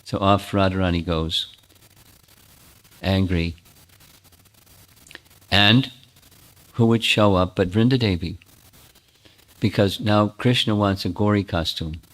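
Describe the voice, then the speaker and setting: Man, spiritual teacher, deep voice, sermon storytelling, animated. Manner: animated storyteller, frequent restarts.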